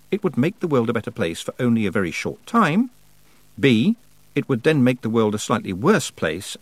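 Man narrating an audiobook, dry and lively. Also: fairly low pitch, no room sound. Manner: measured storytelling. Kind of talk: scripted narration.

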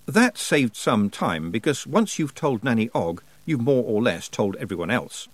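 A man narrating a story in an expressive storytelling manner. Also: medium pitch, normal speed, no echo, rough recording. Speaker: audiobook narrator. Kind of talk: scripted narration.

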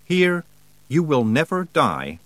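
Man reading a slow, solemn winter spirit, calm, cold, storybook figure, dry close sound. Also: fairly high pitch, dry recording, pitched above the performer's own voice, heavily acted. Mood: calm grandeur.

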